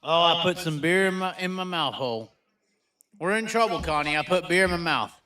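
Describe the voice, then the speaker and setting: A rowdy man hosting a live stream in a high, reedy voice, joking crudely and bursting into excited exclamations. He talks loosely and casually, like he is hanging out with his viewers. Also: brisk. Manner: excitable, with sudden outbursts. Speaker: livestream host.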